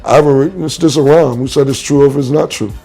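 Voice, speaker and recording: A man's voice: fast, gravelly, soft background music. A man telling a story in a casual interview, acting out the quotes as he goes. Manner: animated storyteller, acts out quotes with big pitch jumps. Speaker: rapper being interviewed.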